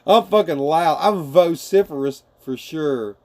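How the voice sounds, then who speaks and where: A man's voice: fairly high pitch, unhurried. A man talking casually and crudely on a live stream from his bedroom, laughing often and calling people man and dude as he answers viewer chat.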